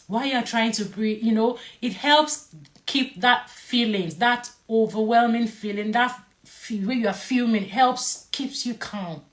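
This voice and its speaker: A woman's voice: on the high side, unhurried. A woman talks straight to the camera as a mental health educator, in a casual and playful way. She leans on her key words and repeats them for emphasis, and she keeps asking viewers to type in the comments.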